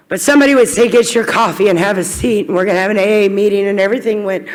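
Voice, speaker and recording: A high-voiced woman from Kentucky tells her own recovery story to a room of listeners. She is candid and wry, sometimes dropping low and quiet, sometimes bursting out loud. The voice carries a long echo, as if from a podium microphone in a meeting hall. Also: rapid-fire. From Kentucky, USA. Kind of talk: personal recovery story told to an audience.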